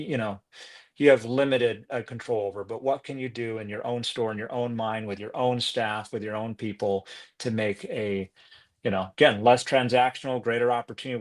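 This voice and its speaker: A man talking as a podcast guest in an upbeat, earnest way, peppering his speech with fillers. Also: medium pitch. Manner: upbeat, earnest, lots of "you know" fillers. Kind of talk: casual conversation.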